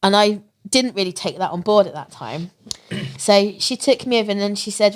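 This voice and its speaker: A woman from England, a guest in a podcast interview, telling a personal story in an animated way, laughing often and acting out the voices of others. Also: medium pitch, moderate pace. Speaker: interview guest, marathon runner.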